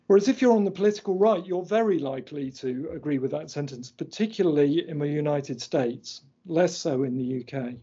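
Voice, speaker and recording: Husky man giving a lecture. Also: a little high, dark tone. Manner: explaining slides point by point, measured and precise. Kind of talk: academic lecture. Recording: dull lo-fi lecture recording.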